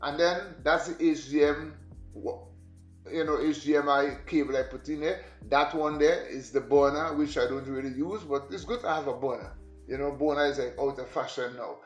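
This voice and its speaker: With a fairly high voice and a moderate pace, a man chats his way through a home tour vlog, addressing viewers directly as he wanders the room and kitchen. The sound is lo-fi and echoey, with faint music in the background.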